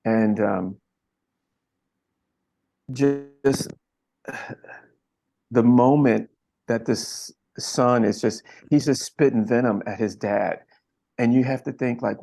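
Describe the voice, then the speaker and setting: A man from Philadelphia, a camera operator being interviewed, telling a story in an earnest, reflective way and pausing often. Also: mid-range voice, gravelly, warm tone. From Philadelphia, USA.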